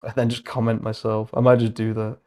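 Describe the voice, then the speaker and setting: A young man hosting a casual livestream, thinking aloud as he browses, excitable, laughing often and muttering asides to himself. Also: fairly low pitch, fairly quick. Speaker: host.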